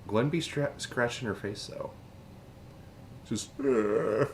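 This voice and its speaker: A man's voice: mid-range voice, slow pace, a little hiss or hum. A man chatting playfully on a live stream, goofy and joking, often slipping into silly voices. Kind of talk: casual live-stream chat.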